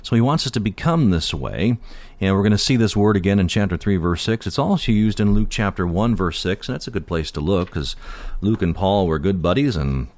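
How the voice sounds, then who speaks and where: A man giving an expository Bible teaching in a conversational way, pausing with fillers and leaning on key words. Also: deep voice, animated, a little mellow.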